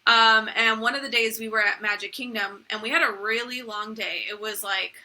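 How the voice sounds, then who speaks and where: Casting note: young woman, podcast co-host, very bright, slightly high voice, chatty storyteller. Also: fairly even intonation, normal speed. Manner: chatty, storytelling, acts out quotes. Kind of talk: casual chat.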